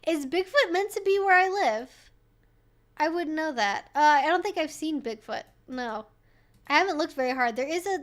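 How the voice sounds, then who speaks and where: A high-pitched woman talks casually to her live-stream viewers as she answers their questions. She is loose and chatty, swears freely and uses "like" often. She laughs easily between her remarks. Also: fairly bright tone.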